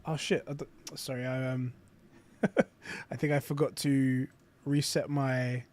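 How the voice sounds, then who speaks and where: A man hosting a casual live stream, reading aloud and reacting with excitement and frequent swearing. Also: medium pitch, a little slow.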